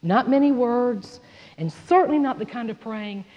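A woman teaching a sermon, lively and conversational, acting out little scenes as she goes. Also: fairly high pitch, moderate pace. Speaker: Bible teacher. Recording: muffled sound in a long-reverb hall.

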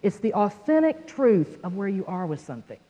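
Animated woman teaching in echoey hall. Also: mid-range voice, brisk. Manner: animated storyteller, acts out quoted voices. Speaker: Bible teacher. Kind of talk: sermon with personal story. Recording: dull sound in a hall with long echo.

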